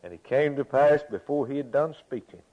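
On a dull lo-fi recording, a man preaches a sermon at medium pitch and a fairly quick pace. He reads scripture aloud and explains it in a folksy way, repeating phrases for emphasis and chuckling between points.

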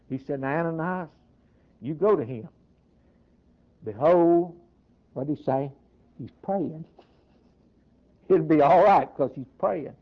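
A man preaching a sermon, repeating key phrases and swinging from loud, emphatic lines to hushed ones. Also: a little high, expressive, a little slow, gravelly, pauses often. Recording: dull lo-fi sound.

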